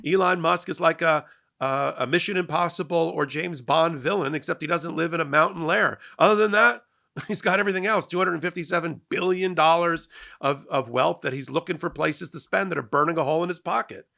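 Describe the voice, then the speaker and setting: A man's voice: fairly high pitch, fairly quick, creaky, pushed and bright. A man hosting a legal and political commentary show, talking in a sarcastic monologue and often repeating words as he starts sentences.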